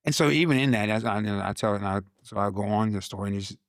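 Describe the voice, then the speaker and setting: A man's voice: on the low side, fast talker, no room sound. Man telling a story, dry voice. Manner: animated storyteller who repeats words and plays out his own past lines. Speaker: guest, Army veteran. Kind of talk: testimony in a casual conversation.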